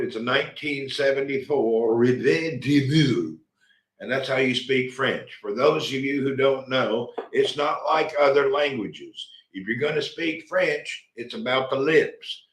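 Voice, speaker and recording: Man in his middle years, folksy livestream host, loose rambling delivery, roomy sound. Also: mid-range voice. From Tennessee, USA. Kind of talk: casual live chat reading comments.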